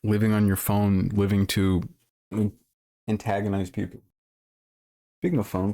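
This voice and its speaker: A man's voice: lowish voice, little pitch movement, unhurried, warm tone. A man livestreaming casual commentary, rambling with lots of fillers and self-corrections, blunt and profane.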